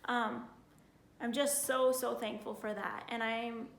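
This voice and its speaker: A woman's voice: on the high side, level tone, slow pace, gravelly, roomy sound. Earnest woman sharing her faith story. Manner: earnest, heartfelt, frequent "like" fillers. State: getting emotional. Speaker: vlogger sharing her testimony. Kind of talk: casual personal testimony.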